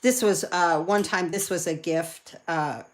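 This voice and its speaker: A woman chatting excitedly with viewers while she demonstrates card making live from her craft room. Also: fairly low pitch, unhurried, a little hiss or hum. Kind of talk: live crafting demo chat.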